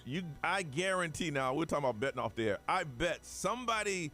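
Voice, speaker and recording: A man's voice: fairly high pitch, lively intonation, fairly quick, pushed and bright, soft background music. A man hosting a morning radio show, joking and laughing often as he tells stories in casual banter. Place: radio studio.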